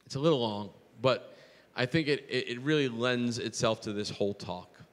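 A man's voice: medium pitch, normal speed, big-room sound. A man preaching a sermon as pastor, telling a personal story earnestly with frequent restarts.

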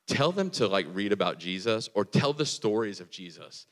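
A man preaching a casual, excitable sermon, telling a story with many restarts and filler words. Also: lowish voice, normal speed, long reverb tail. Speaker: pastor.

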